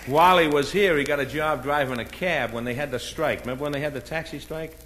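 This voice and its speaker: A comedian from Boston with a Boston accent, telling a string of stand-up jokes and punchlines, raising his voice when he plays the characters. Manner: brisk storytelling with punchlines, voices the characters with a raised pitch. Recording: old comedy record with a noisy background.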